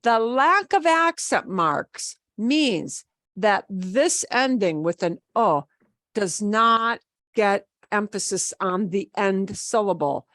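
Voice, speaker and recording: A woman's voice: medium pitch, expressive, slow, a bit bright, dry recording, studio quality. A woman teaching a Spanish grammar class, explaining patiently in a casual, repetitive way and spelling words out letter by letter. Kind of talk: online class lecture.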